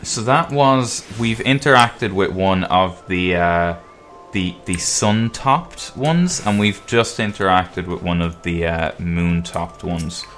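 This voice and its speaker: Low-voiced man narrating a game walkthrough. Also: slow pace, soft background music. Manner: relaxed, explaining as he plays, with frequent um and uh. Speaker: game guide video host. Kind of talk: casual gameplay walkthrough commentary.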